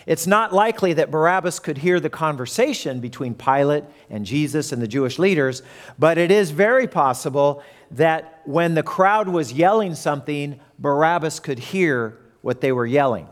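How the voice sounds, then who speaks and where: Guy preaching, a bit high voice, tells the story and acts out the crowd. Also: expressive, normal speed. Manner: storytelling, acting out the crowd and characters. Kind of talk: sermon.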